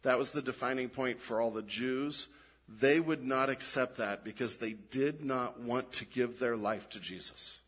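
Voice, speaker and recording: A man preaching a sermon, animated and given to restarts, dropping low and quiet to stress his points. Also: normal speed. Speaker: pastor.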